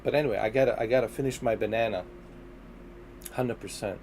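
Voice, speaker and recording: A man's voice: medium pitch, fairly quick, a little mellow, slight background noise. Laid-back rambling male streamer. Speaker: livestreaming gamer. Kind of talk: casual livestream chat.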